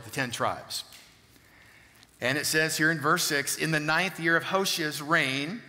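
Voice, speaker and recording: A man preaching a sermon, reading long scripture passages aloud and checking in with quick questions to the congregation. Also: on the high side, sharp tone. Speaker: pastor. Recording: long hall reverb.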